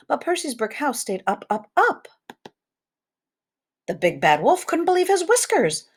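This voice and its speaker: A woman reading a children's storybook aloud, with lively sound effects and rhythmic repetitions. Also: a little high, unhurried, husky.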